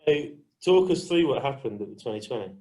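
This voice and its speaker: A man with a Midlands English accent hosting a casual podcast chat. He teases his guest and sounds amused, with a voice at an ordinary middle pitch. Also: lively intonation, fast talker, mellow, poor audio. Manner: teasing, amused. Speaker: podcast host.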